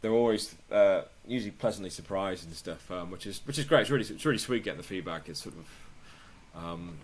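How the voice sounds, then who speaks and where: A man, a travel video maker, chatting casually as a podcast guest, relaxed and swearing freely. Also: a little fast. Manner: relaxed, swears casually, acts out quoted people in higher voices. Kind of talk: casual interview chat.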